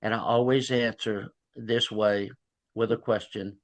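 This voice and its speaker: A man's voice: fairly low pitch, flat delivery, a little slow. An older man with a drawl tells folksy stories in an easy, conversational way. He slips into the voices of the people he talks about as he goes. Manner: folksy, acts out both sides of conversations. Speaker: police sergeant and child abuse investigator. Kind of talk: storytelling in an interview.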